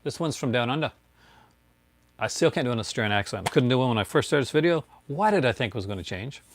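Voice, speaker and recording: A man's voice: medium pitch, lively intonation, quick pace. This is a man in an easygoing show-and-tell, chatting loosely, chuckling often and calling out to viewers by name. His voice sits in a middling register. The sound is dry and close, with no room echo. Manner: chatty, rambling, laughs often, greets viewers. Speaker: collector showing his discs. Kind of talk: casual livestream show-and-tell.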